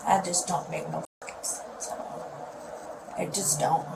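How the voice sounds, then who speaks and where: A woman's voice: fairly low pitch, fairly even intonation, unhurried, gravelly. A mother being questioned by police, rambling and upset, often trailing off mid-sentence. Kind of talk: recorded police interview. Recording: distant mic with loud noise.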